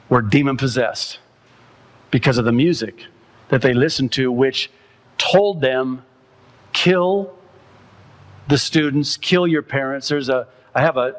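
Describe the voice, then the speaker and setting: A male pastor preaching a sermon, reading quotes aloud and working himself up to high, loud, impassioned peaks.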